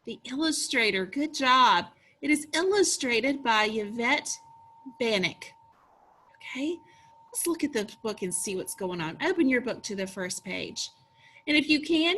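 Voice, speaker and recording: A woman teacher leading an early-reading phonics lesson for young children, slow and encouraging with sing-song prompts. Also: sits high, fairly bright tone.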